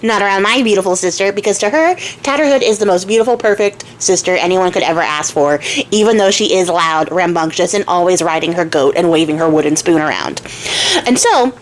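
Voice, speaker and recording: A woman's voice: fairly low pitch, moderate pace, slight background noise. A young woman casually retelling a fairy tale to her viewers, playful and chatty, laughing often. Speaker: storyteller and crafter. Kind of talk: casual storytelling.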